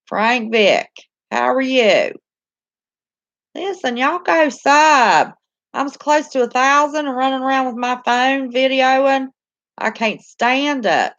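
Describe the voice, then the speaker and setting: Slow and high-pitched, with a fairly bright tone, this Southern American woman reads her live chat aloud and answers viewers in a casual, homey way, laughing often. The audio is dry and dull.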